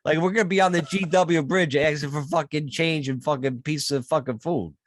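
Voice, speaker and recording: A man's voice: fairly high pitch, fairly even intonation, brisk, dry recording, studio quality. Ranting New podcast guy. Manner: ranting, profane, joking. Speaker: podcast co-host. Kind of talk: casual chat.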